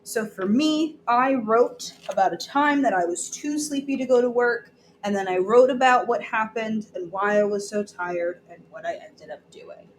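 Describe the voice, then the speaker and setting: A young adult woman teacher giving gentle, encouraging instructions to young children after a read-aloud. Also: a little high, moderate pace, hardly any pauses, slight background noise, low-quality recording.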